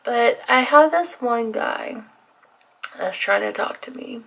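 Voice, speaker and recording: A woman's voice: on the high side, animated, slow pace, gravelly, a bit bright, rough recording. A young woman from Texas with a Texan accent, chatting casually and confidingly to her viewers while doing her makeup. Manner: chatty and confiding, with fillers like "like" and "you know". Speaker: beauty vlogger.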